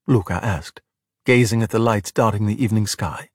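A man narrating a children's storybook in an expressive, animated way. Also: fairly low pitch, normal speed, no echo, clean studio sound. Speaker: audiobook narrator. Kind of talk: storybook reading.

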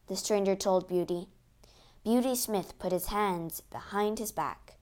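Brief: woman narrator, storybook reading, slow and steady. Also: medium pitch.

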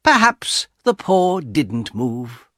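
A man reading an audiobook, voicing an anxious, excitable old woman who speaks in fretful, rising exclamations. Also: mid-range voice, very slow, dry recording, studio quality, heavily acted.

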